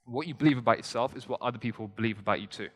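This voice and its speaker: A young man giving an energetic motivational talk from a stage, conversational and joking with the audience. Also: mid-range voice, racing. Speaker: motivational speaker. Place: stage before a live audience in a large hall. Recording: long hall reverb.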